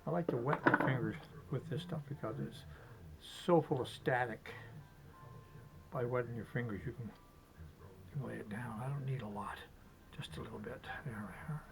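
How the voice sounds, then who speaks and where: A man demonstrating fly tying step by step, chatty and relaxed, talking to himself as he works. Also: mid-range voice, normal speed, creaky, over music, poor audio. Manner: chatty, talks to himself while working, chuckles.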